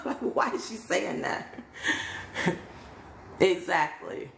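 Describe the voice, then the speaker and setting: A woman's voice: medium pitch, big pitch swings, slow, vocal fry, a bit bright, slight background noise. Woman live-streaming from her phone, chatty and laughing, echoey room. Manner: chatty, laughs often, greets viewers. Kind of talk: casual livestream chat. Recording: roomy echo.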